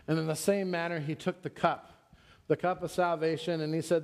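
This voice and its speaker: A middle-aged male pastor delivering a sermon, his voice sitting a little high for a man. He slips into stories and acts out the quotes in them, lifting his pitch as he plays the other people. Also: level tone, a little fast, a little mellow, clean tone.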